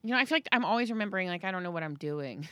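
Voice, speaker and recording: A woman in her thirties chatting casually as a podcast host, telling a story and acting out quotes with sudden high-pitched jumps. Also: animated, very fast, a bit bright, clear, resonant tone, no echo. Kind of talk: casual chat.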